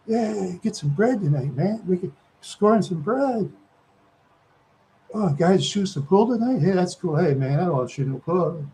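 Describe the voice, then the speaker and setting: A man's voice: high-pitched, animated, moderate pace, dark tone, slight background noise, pitched above the performer's own voice, rough recording. A man voicing a laid-back big-city street guy who drawls slang and keeps saying "man" and "brother.".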